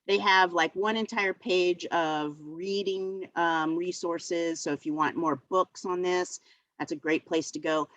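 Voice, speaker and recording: A woman's voice: lowish voice, fairly even intonation, measured pace, a bit bright, no room sound, highs cut off. A woman who teaches middle school art, presenting a virtual workshop in a chatty way with many fillers. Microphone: video call.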